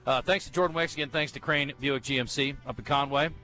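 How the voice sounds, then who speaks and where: A man hosting live sports radio, talking fast in an easygoing, joking way. His voice is bright and forward. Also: medium pitch, fairly even intonation, faint music behind. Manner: easygoing, quick banter. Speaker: radio sports talk host. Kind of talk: casual radio chat. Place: bookstore, live broadcast.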